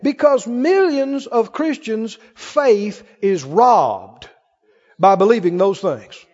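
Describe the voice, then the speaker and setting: A man's voice: sits high, expressive, takes it slowly, a little mellow, long reverb tail, dull audio. A man preaching a sermon to a congregation, reading scripture aloud with rising, fervent emphasis and asking the crowd questions. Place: church with congregation.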